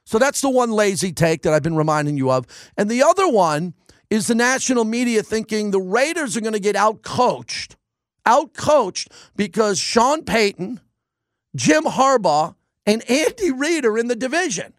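Man, sports radio host, opinionated monologue, emphatic, repeats for punch, high voice, dry studio mic. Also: very animated, moderate pace, dry recording. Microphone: studio microphone.

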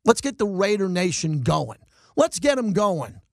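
A middle-aged man hosting sports talk radio, ranting in animated bursts and mocking his critics. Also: sits high, creaky, no room sound, clean studio sound. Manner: animated, rants and mocks in quick bursts. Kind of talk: fired-up sports talk monologue.

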